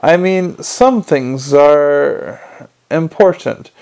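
A man's voice: a little high, animated, drawn-out words, gravelly, darkish tone, heavily acted. A man voicing a pompous, bullying male guard captain who talks down to his men.

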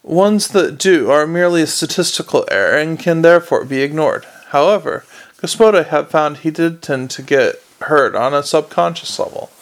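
A man's voice: on the high side, moderate pace. A man reading a comic fantasy novel aloud as an audiobook narrator, telling it in a dry manner.

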